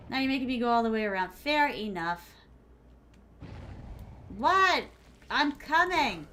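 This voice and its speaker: A young woman from the American South with a Southern accent, talking over her gameplay. Her voice sits a little high and swings widely in pitch. She teases the other players and calls her viewers by sweet pet names. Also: lively intonation, measured pace, long pauses, bright, forceful tone. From Southern United States. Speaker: streamer. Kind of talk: live gameplay commentary.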